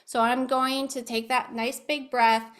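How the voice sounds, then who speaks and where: High, bright-voiced woman teaching a webinar. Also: level tone, a little slow. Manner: patient, instructive, coaching listeners through exercises. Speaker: speech-language pathologist. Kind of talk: online educational presentation. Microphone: video call.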